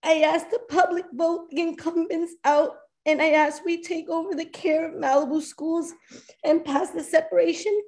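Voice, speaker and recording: A woman's voice: very high voice, a little mellow, rough recording. A woman giving an emotional public comment at a school board meeting, impassioned and pleading, near tears.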